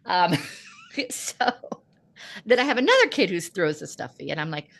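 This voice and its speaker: A middle-aged woman hosting a chat show, telling an animated story about her teaching day and acting out the people in it. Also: lowish voice, moderate pace, gravelly. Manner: animated storytelling, acts out voices. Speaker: podcast host. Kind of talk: casual chat.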